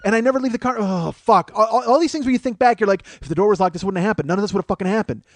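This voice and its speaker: A man hosting a podcast, telling a comic story full of swearing, growing louder and more animated as it goes. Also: high voice, racing, dry recording. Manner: profane, animated, rising to shouting as the story builds. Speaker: podcast host.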